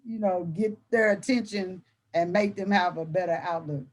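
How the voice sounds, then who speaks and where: A woman's voice: fairly low pitch, normal speed. A woman educator chatting as a guest, telling classroom stories in a colloquial way and laughing often. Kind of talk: casual conversation, storytelling.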